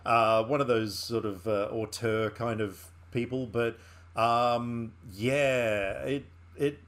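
A man's voice: mid-range voice, fairly even intonation, takes it slowly, a bit bright. Male co-host, chatty and enthusiastic, loose casual delivery. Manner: enthusiastic, rambling with fillers and restarts. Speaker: podcast co-host. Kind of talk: casual film chat.

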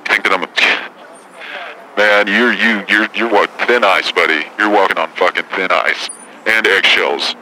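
A man's voice: low-pitched, unhurried, sharp tone, slight background noise, full character voice, low-quality recording. A man impersonating a brash, foul-mouthed female talk host. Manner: crude, defensive, swearing. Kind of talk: improvised comedy impression.

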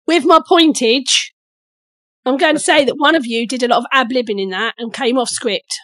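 A woman judges a comedy game in a teasing, mock-stern way. Her voice sits a little high and sounds close and dry. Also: fast, a bit bright, no room sound. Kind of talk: casual chat.

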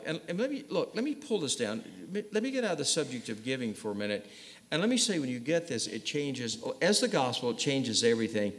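A man's voice: medium pitch, sing-song, a little fast. A man preaching a sermon to his congregation in a church, emphatic and speaking to them directly. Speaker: pastor. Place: church sanctuary. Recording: long reverb of a large hall.

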